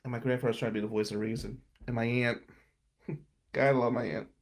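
A man's voice: mid-range voice, flat delivery, quick pace. A man in a mid range voice tells a personal story on his podcast. He talks dramatically and slips into different voices to act out what his relatives said. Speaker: podcast host.

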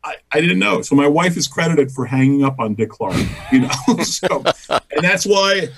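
A man's voice: fairly high pitch, animated, moderate pace, husky. A male stand-up comedian telling a story in casual chat, acting out quotes and laughing often. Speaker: guest comedian and voice actor.

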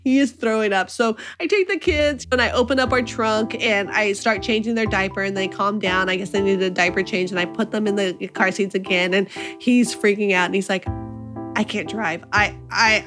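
A woman in her thirties telling a personal story in a casual, animated way, acting out what people said. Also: medium pitch, brisk, few pauses, music in the background. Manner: animated, acts out quotes, laughs. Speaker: interviewee, new mother.

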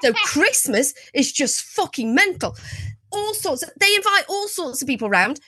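A woman chatting on a podcast, her high voice swooping widely as she talks. She sounds bright and forthright and drops casual swearing, and the close, dry sound keeps her right at the ear. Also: sing-song, moderate pace, dry recording. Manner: laughs often, acts out her own inner voice; swears freely. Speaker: podcast guest. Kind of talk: casual chat.

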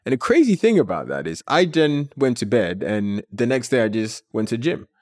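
A man, a company founder, telling a story as an interview guest in an animated way, with many filler words. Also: medium pitch, normal speed, no room sound, clean studio sound.

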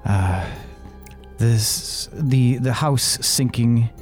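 A man voicing a grieving female mushroom-folk figure who speaks formally and haltingly in a tabletop game. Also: mid-range voice, a little mellow, faint music behind.

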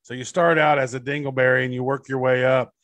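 A man's voice: medium pitch, level tone, fast, a bit bright, dry recording. A man co-hosting a podcast in casual chat, rambling and laid-back with crude humor. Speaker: podcast co-host.

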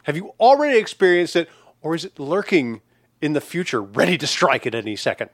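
A man's voice: fairly high pitch, lively intonation, fairly quick, no echo, studio quality. A man in his forties hosting a podcast, joking crudely in casual chat. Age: 40s. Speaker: podcast host.

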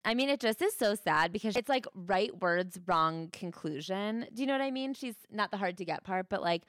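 A woman's voice: medium pitch, expressive, normal speed, hardly any pauses, a bit bright, dry recording, studio quality. A woman co-hosting a podcast, reading passages from a memoir and bluntly critiquing them, swearing now and then. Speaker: podcast co-host.

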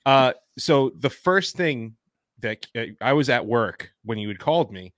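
A man hosting a casual chat, talking haltingly and eagerly, like a fan. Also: medium pitch, animated, fairly bright tone, no room sound. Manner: halting, many fillers and restarts, fan-like. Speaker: podcast host.

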